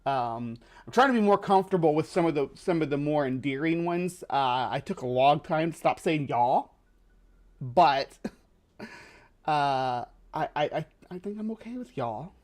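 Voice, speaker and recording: A male livestream host from the lower Midwest of the US, chatting casually and rambling with lots of fillers and restarts. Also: animated, a little slow, a little mellow.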